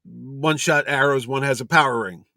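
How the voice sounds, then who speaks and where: A man's voice: medium pitch, normal speed, vocal fry, no echo, clean studio sound. A middle-aged man, a convention promoter, telling anecdotes on a podcast and acting out the people in them. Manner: animated storyteller, acts out quotes.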